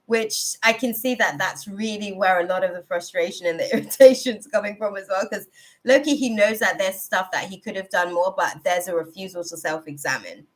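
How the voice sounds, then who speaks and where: A woman's voice: medium pitch, a little fast. A woman hosting a live tarot reading, chatting casually and laughing often as she talks. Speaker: tarot reader, live-stream host.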